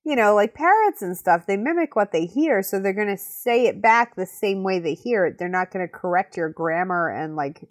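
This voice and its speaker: A woman's voice: mid-range voice, animated, normal speed, few pauses, dry recording. A woman co-hosting a podcast, chatting casually and explaining things to her co-host. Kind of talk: casual chat.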